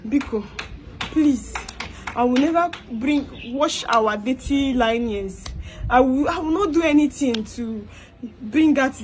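Pleading Nigerian woman, high voice. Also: takes it slowly, a little hiss or hum. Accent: Nigerian, Igbo-inflected English. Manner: pleading, begging, repeating herself; mixes English with Igbo. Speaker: skit performer. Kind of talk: comedic skit monologue.

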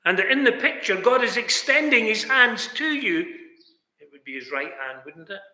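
Bright-voiced man preaching in an echoing chapel. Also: sits high, very animated, moderate pace. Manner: emphatic, with rhetorical questions and direct address to listeners. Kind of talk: sermon. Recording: echoey chapel with long reverb.

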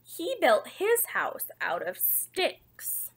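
A woman reading a picture book aloud in the wolf's first-person voice, playful and expressive, with chatty asides to listeners. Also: high-pitched, very slow, gravelly. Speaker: storybook reader.

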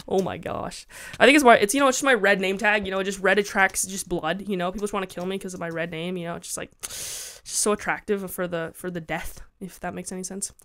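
A woman's voice: medium pitch, fairly even intonation, fairly quick, a bit bright, dry recording. Chatty giggly young woman gaming. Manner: chatty, giggly, talks to chat, squeals when attacked. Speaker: Minecraft let's-play gamer. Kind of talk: casual gameplay commentary.

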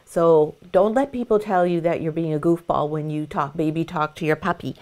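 A middle-aged woman, a dog breeder, giving a gentle, calm demonstration of how to groom a puppy. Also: low-pitched, moderate pace. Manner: sing-song baby talk to the puppy.

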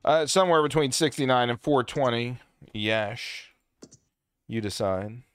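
A man's voice: medium pitch, unhurried, fairly bright tone, faint music behind. A man streaming a game speedrun, chatting casually with viewers in a loose, profane way and thanking people from chat. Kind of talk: casual live-stream chat while playing.

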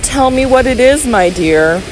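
A woman's voice: fairly high pitch, expressive, unhurried, slight background noise, poor audio. A woman reading an audiobook voices an elderly baronet who speaks firmly and tenderly to his wife. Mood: protective. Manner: firm, insistent, tender toward his wife. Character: elderly devoted baronet husband, protective and indignant.

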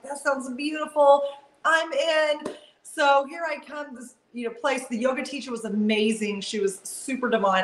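A woman with a slightly raised voice tells a funny story on a live video call. She is animated, laughs often and acts out what people said. Her voice sounds echoey, as if the room were bare. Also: fairly high pitch. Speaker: guest on a live video chat. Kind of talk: casual storytelling.

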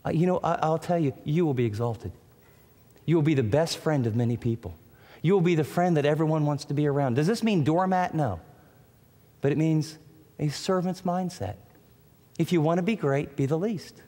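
A man preaching a sermon as a pastor, emphatic, with dramatic pauses and swings between loud and quiet. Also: fairly high pitch, long reverb tail.

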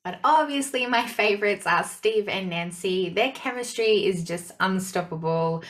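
A woman chats through a show review in a casual, gushing way. She gets emotional and doubles up her words for emphasis. Her voice sits at an ordinary mid pitch. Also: moderate pace.

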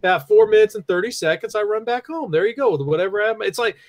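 A man co-hosting a live nerd podcast, joking and animated, often stammering and repeating words. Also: sits high, fast talker. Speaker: podcast co-host. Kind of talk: casual nerd-news chat.

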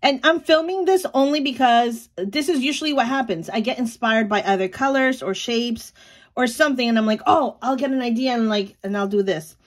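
A woman's voice: a little high, brisk. Chatty, giggly woman vlogger. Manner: chatty, giggly, lots of fillers. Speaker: small sticker shop owner. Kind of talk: casual vlog chat. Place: home.

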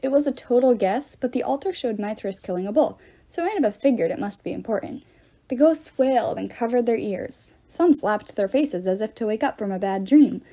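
A woman reading a novel aloud, in an expressive storytelling manner. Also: on the high side, brisk. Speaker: audiobook reader.

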